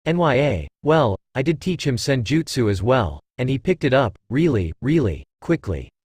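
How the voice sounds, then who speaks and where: A teasing, purring female cat-demon from a storybook reading, lively in her lilt as a man reads her lines. She speaks in a dry, close sound. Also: mid-range voice, moderate pace, slightly rough, no echo. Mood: playful.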